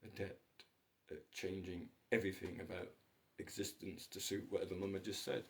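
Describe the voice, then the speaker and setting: A man's voice: low-pitched, normal speed, creaky, few pauses, a little hiss or hum. A man hosting his own channel, talking in a rambling, jokey solo monologue that wanders from one story to the next. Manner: digressive, jokey, wandering between stories.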